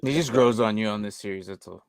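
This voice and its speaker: A man's voice: on the low side, fast talker, no echo. A man on a casual live chat panel, dropping short, laid-back asides.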